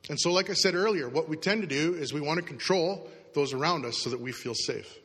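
Male pastor, conversational sermon, acts out inner voices, bright tone, big hall reverb. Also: on the high side, brisk, husky. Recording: long reverb of a large hall.

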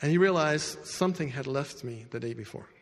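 A man preaching to a congregation, telling a story with loud bursts and quiet asides. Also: mid-range voice, lively intonation, brisk. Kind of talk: sermon storytelling. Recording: long hall reverb.

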